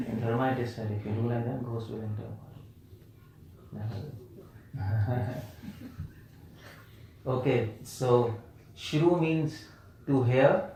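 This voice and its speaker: Questioning a live audience during a scripture lecture, a man with a fairly high, darkish voice playfully repeats words to stress them. He's speaking in a temple hall, and the recording has roomy hall echo.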